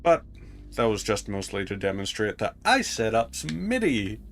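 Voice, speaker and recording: A man's voice: lowish voice, very animated, moderate pace, soft background music. A man giving casual commentary while playing a game, chatting to himself as he goes. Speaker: gaming streamer.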